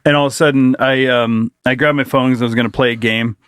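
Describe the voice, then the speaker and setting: A man co-hosting a podcast in casual chat, telling animated stories, acting out what people said and swearing freely. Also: medium pitch, fast talker, clear, resonant tone, no echo, studio quality. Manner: animated storyteller, acts out quotes, swears freely. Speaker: podcast co-host.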